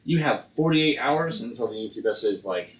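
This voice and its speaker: A man's voice: mid-range voice, animated, normal speed, distant mic. A man narrates a tabletop game as its game master, loose and full of fillers. He sits back from the mic in an echoey room. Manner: rambling, filler-heavy narration.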